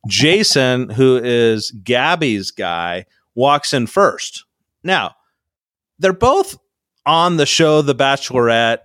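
A man's voice: medium pitch, expressive, takes it slowly, a bit bright, no room sound. A man co-hosting a casual podcast, recapping a reality show with rambling, dry sarcastic asides into a close mic. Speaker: podcast co-host.

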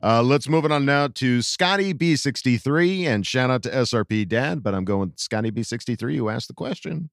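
A man hosting a casual sports podcast, reading out listener questions in an animated, joking way. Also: mid-range voice, normal speed, creaky, few pauses, no room sound, clean studio sound. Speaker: podcast host.

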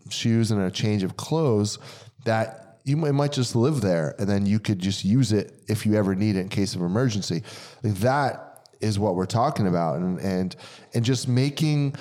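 A man co-hosting a casual podcast chat, talking emphatically and repeating words for stress as he tells stories. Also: fairly low pitch. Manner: animated storytelling. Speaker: podcast co-host.

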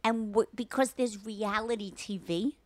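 A woman's voice: medium pitch, fairly even intonation, measured pace, a little mellow. A woman in her sixties co-hosting a podcast, chatting casually and emphatically, often talking over the others. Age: 60s. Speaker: podcast co-host. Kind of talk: casual chat.

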